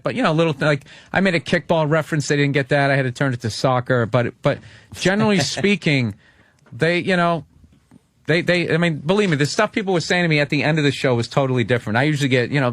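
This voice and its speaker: A comedian guest on a talk radio show, telling rambling, profane stories about a gig abroad. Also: male voice, fairly high pitch, fairly bright tone, dry recording, studio quality. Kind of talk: casual anecdote on talk radio.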